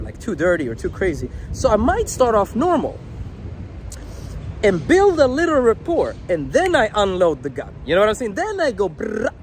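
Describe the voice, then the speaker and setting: A high-pitched young man, a dating coach, gives casual advice straight to camera outside, speaking bluntly, crudely, and without a filter. A little hiss or hum is audible.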